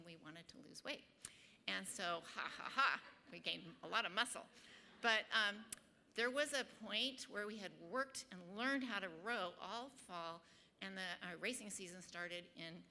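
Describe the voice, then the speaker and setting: A woman's voice: mid-range voice, bright, forceful tone, slight background noise. A woman giving a personal faith testimony and Bible teaching to a group, chatty, with lots of ums and little laughs at herself. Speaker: speaker at a Bible study group.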